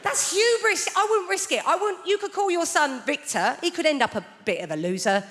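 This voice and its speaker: A woman's voice: sits high, animated, a little fast. A woman doing a stand-up monologue in a big theatre, wry and conversational, tagging questions onto the audience. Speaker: stand-up comedian. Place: large theatre stage before a live audience. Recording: long hall reverb with loud audience noise.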